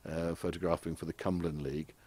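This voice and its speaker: A man's voice: deep voice, little pitch movement, quick pace, dark tone, dry recording. A middle-aged man from England, telling rambling anecdotes with frequent chuckles as a podcast guest in casual chat. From southeast England.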